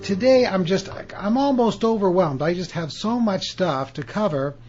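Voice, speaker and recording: Animated self-help author, slightly high voice. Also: male voice, moderate pace, highs cut off, faint music behind. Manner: animated, emphatic storytelling. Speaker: author and hypnotherapy teacher. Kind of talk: self-help video monologue.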